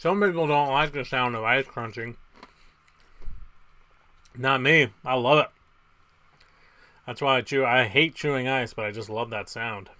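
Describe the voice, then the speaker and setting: A man's voice: mid-range voice, a little slow, pauses often, sharp tone, no room sound. A man hosting a casual live trivia game from home, reading questions and rambling through jokey asides in between. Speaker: trivia quiz host.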